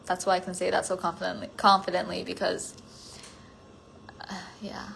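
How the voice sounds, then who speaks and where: A young woman chatting casually with viewers on a phone livestream, rambling with lots of fillers and often trailing off into a hush. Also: fairly low pitch, completely flat delivery, fast, gravelly, slight background noise. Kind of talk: casual chat.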